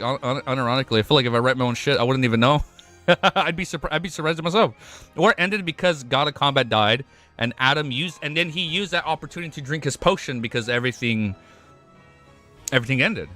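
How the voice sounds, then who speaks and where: A young man streaming live, chatting casually with his audience, excitable and swearing often, tripping over his words and laughing. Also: medium pitch, fast talker, faint music behind. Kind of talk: casual livestream chat.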